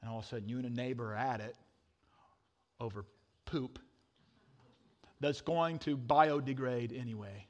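A middle-aged man preaching a sermon, telling a funny story with animated swings from loud to hushed. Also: medium pitch, normal speed, long pauses. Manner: animated storytelling, sudden drops to a hush. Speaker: pastor.

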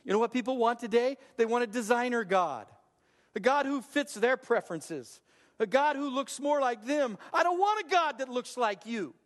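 An older male pastor delivers a sermon in an emphatic, repetitive cadence. His voice sits high for a man. The sound rings with a long hall reverb. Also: animated, normal speed, fairly bright tone.

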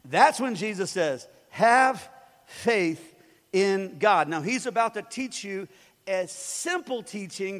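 A man preaching a sermon in an animated way, swinging between loud bursts and quiet asides and acting out voices. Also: high-pitched. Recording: long reverb of a large hall.

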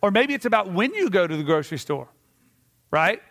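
High-voiced preacher in a reverberant hall. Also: male voice, brisk, gravelly. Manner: animated storytelling, acting out scenes. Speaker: pastor. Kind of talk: sermon. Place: church sanctuary. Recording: reverberant church sanctuary.

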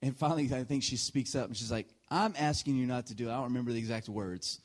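A man in his thirties preaching a sermon, telling a personal story with frequent laughs and sudden shifts from quiet asides to loud punchlines. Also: medium pitch, quick pace. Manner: animated storyteller, often laughing mid-sentence; swings between hushed asides and loud punchlines. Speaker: pastor.

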